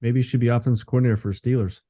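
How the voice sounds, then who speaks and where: A man's voice: medium pitch, fairly even intonation, racing, mellow. A man co-hosting a sports podcast in casual chat, laid-back with brief replies. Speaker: podcast co-host. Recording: muffled lo-fi sound, off mic.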